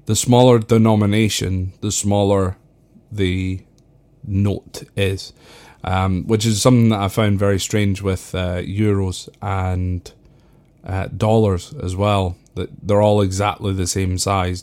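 Scottish male podcast host, lowish voice, chatty and meandering. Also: a little mellow. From Scotland. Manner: rambling, with frequent ums and "if that makes sense". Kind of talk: casual solo podcast talk.

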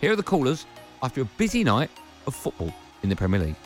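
Fast, lively podcast host man. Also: medium pitch, over loud music. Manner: jokey, self-mocking, rapid patter. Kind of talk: chatty podcast intro.

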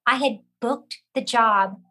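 An actress telling a lively story about her career, acting out other people's lines as she goes. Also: fairly high pitch, takes it slowly, poor audio. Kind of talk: animated storytelling with acted quotes.

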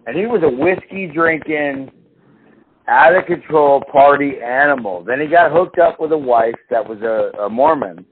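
A man's voice: mid-range voice, lively intonation, moderate pace, slightly rough. A man hosting a podcast in casual chat, profane and rambling, slipping into exaggerated impressions of people. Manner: profane, rambling, mimics people in big voices. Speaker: podcast host. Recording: phone-like lo-fi call audio with faint noise.

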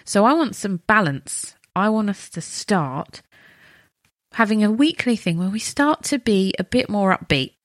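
A woman's voice: medium pitch, lively intonation, unhurried, no echo, clean studio sound. A woman in her thirties co-hosting a podcast, chatting casually in a playful, teasing way. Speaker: podcast co-host.

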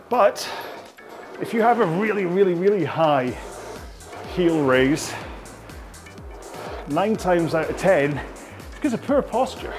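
A Scottish man coaching rowing technique, patient and explaining while he demonstrates on a rowing machine. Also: high-pitched. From Scotland. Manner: patient, explaining, checks in with "okay?". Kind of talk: instructional workout video. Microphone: on a rowing machine, talking while demonstrating.

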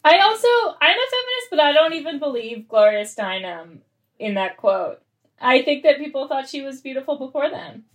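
Woman co-host, a bit high-pitched, frank and dry, on a video call. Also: sing-song, moderate pace, fairly bright tone. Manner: frank, confessional, dry humor. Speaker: podcast co-host. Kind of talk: comic conversational chat.

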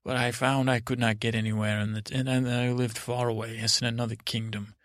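A man voicing an earnest self-made man who slowly and reflectively recalls a hard, poor youth in a bedtime story. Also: mid-range voice, level tone, fairly bright tone, no echo, clean studio sound, lightly acted.

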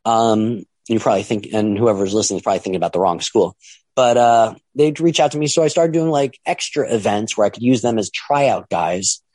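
A man's voice: on the low side, a little fast, darkish tone, dry recording. Casting note: middle-aged male promoter, rambling storyteller, dry close sound. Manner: rambling, acts out quoted voices. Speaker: wrestling promoter and trainer. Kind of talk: casual storytelling monologue.

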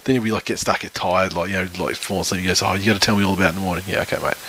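A man's voice: low voice, fairly even intonation, rapid-fire, bright, forceful tone, a little hiss or hum. A man in his thirties, co-hosting a casual sports podcast, rambling and swearing freely. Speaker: podcast co-host.

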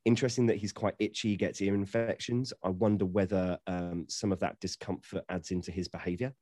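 A man who trains dogs, explaining in a joking, relaxed way with playful asides. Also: low voice, a little fast, no room sound, studio quality. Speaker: dog trainer guest. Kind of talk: casual chat.

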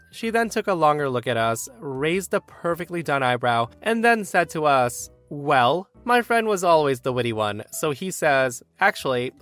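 Lively male story narrator. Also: mid-range voice, no echo. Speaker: story channel host.

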